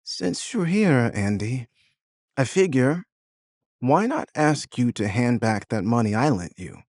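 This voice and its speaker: A man's voice: medium pitch, very animated, takes it slowly, darkish tone, dry recording, clean studio sound, voice pushed up. A man voicing a hurt, tearful middle-aged mother in an audio drama, stammering as she talks. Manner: trembling, stammering.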